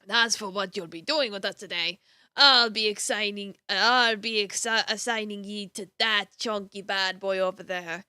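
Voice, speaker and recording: A woman voicing an irritable old crone who runs an office, in a gruff put-on hag voice with a curt, scolding manner. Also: medium pitch, fairly even intonation, moderate pace, bright, forceful tone, no echo, studio quality, soft background music, voice pushed down, natural voice.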